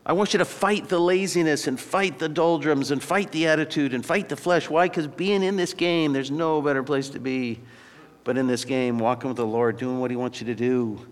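A male pastor preaches in a relaxed, storytelling way, then drops into a quiet, earnest prayer. His voice sits at an ordinary pitch. It rings out with the long reverb of a large church hall. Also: moderate pace. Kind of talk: sermon.

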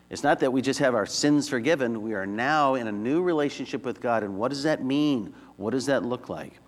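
A man preaching a sermon in a conversational teaching style, asking rhetorical questions and answering them himself. His voice sits at an ordinary middle pitch. It rings out with a long reverb, as though in a large church sanctuary. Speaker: pastor.

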